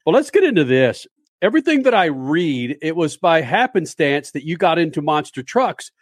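A man's voice: fairly high pitch, very animated, normal speed, dry recording, studio quality. A man hosting a show, interviewing a guest in a jokey, playful, casual way. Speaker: radio show host.

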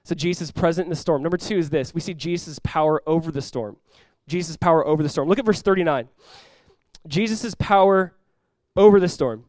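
Animated preaching man, dry close sound. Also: a little high, brisk, no echo. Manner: animated preaching, acting out dialogue with sudden loud outbursts. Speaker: pastor. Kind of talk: sermon.

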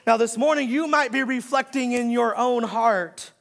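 Passionate preacher man, bright raspy voice. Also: extremely high pitch. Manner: swings from slow hushed lines to loud, fast preaching; repeats words, stammers on restarts. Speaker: pastor. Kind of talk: sermon.

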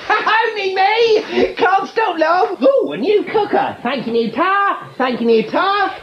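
Woman playing a shrill, fussy busybody. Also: lively intonation, slow pace, slight background noise, heavily acted. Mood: bossy. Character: fussy, bossy older woman meddling in a home. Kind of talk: vintage TV advert acting. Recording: dull lo-fi old advert audio.

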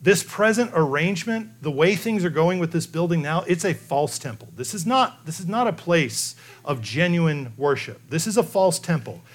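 Lively, higher-voiced male preacher. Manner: emphatic, builds to slow dramatic phrases. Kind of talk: expository sermon.

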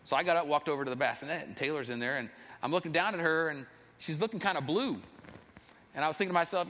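A man's voice: on the high side, fast talker, fairly bright tone. A man, a father, telling his faith testimony in an earnest, rambling, self-deprecating storytelling way. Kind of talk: personal storytelling. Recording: long reverb, echoey hall.

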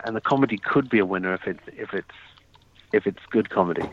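A man's voice: on the low side, fairly quick, dull audio, slight background noise. A man answering casual interview questions with hesitant restarts and dry humor. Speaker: interview guest. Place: lives in London.

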